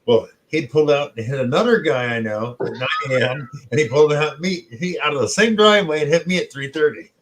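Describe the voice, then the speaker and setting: A man's voice: on the high side, a little fast, rough recording. A middle-aged man co-hosting a casual chat, telling anecdotes and acting out what others said. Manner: chatty storyteller who acts out quotes. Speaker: co-host.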